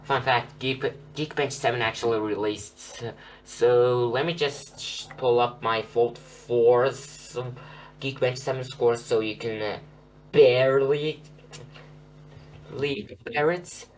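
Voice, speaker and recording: A man's voice: mid-range voice, steady tone, takes it slowly. A young man rambling through an unscripted phone review, with many fillers and restarts. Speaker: tech reviewer. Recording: slightly distant with faint hum.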